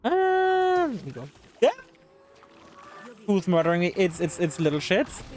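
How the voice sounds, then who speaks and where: A woman's voice: fairly low pitch, normal speed, darkish tone, a little hiss or hum. A woman streaming live gameplay, talking to the game's characters in exasperation and swearing freely. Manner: exasperated, talks to the game characters.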